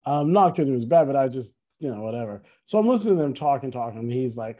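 Bright-voiced man telling a rambling story. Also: mid-range voice, fast talker, hardly any pauses. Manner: rambling, self-correcting, animated retelling. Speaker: podcast co-host, musician. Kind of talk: casual chat, storytelling.

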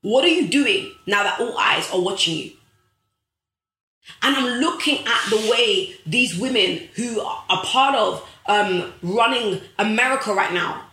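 A woman's voice: mid-range voice, expressive, measured pace, sharp tone, reverberant. A young woman hosting a live stream, giving a motivational talk to her viewers with emphatic, preachy repetition and calling them guys. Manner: preachy, emphatic, repeats phrases for effect; addresses viewers directly as guys.

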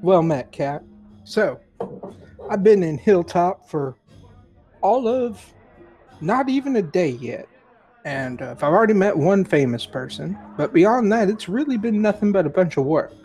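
A man puts on a charming wanderer with a lazy Southern drawl, pitched a touch above his own voice. He sounds relaxed and teasing, as if the tavern belongs to him. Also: a little slow, faint music behind. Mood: easygoing. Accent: put-on Southern US. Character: friendly male traveler with a put-on southern drawl.

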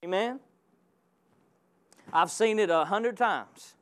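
A man's voice: sits high, takes it slowly. A man preaching a sermon with passion, calling out to his congregation. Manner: impassioned, calls out to the congregation.

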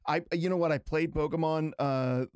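A man's voice: on the high side, normal speed, clear, resonant tone, dry recording, clean studio sound. A man from outside Pittsburgh hosting a casual podcast, laughing often and poking fun at himself. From outside Pittsburgh, Pennsylvania, US. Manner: laughs often, relaxed and self-mocking. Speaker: podcast host.

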